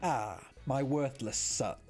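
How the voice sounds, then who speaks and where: A streamer voicing a scornful, wealthy older man who talks down to his son, slow and haughty. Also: mid-range voice, a little mellow, faint music behind. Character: scornful rich old father, cold.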